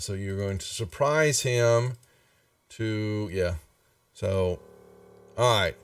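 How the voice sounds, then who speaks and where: A man narrating as game master in a laid-back, rambling way with many fillers. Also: mid-range voice. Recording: distant mic, faint music behind.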